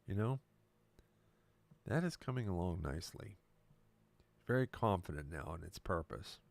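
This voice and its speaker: A male musician and producer chatting casually on a live stream from his recording studio, relaxed and explanatory. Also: sits low, moderate pace, vocal fry.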